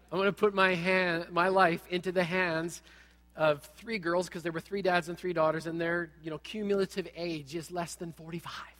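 A middle-aged man preaching a sermon, telling a personal story with animated, humorous asides. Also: on the high side, normal speed, in a large hall.

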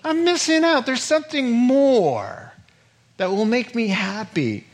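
A man's voice: very high voice, lively intonation, measured pace, voice pushed up, full character voice. A man voicing a bored young son who feels he is missing out, in a sermon. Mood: yearning. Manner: whiny, yearning. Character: restless bored young son craving freedom.

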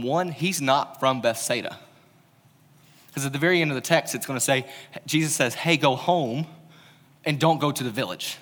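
A man's voice: mid-range voice, a bit bright. A man preaching a casual, conversational sermon, telling stories with informal humorous asides. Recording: long reverb of a large hall.

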